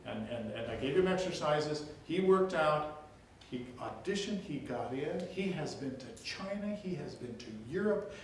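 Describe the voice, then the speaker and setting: An older man giving a music workshop lecture, lively and demonstrative, telling stories and breaking into short sung snippets. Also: on the high side. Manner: lively, demonstrative, tells anecdotes, sings snippets. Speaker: music teacher. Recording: very echoey, distant, faint hiss.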